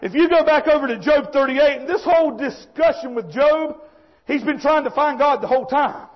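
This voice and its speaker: A man preaches with a very high voice, folksy and fervent, often breaking into shouts. The recording sounds dull and lo-fi. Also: moderate pace. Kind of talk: fiery sermon.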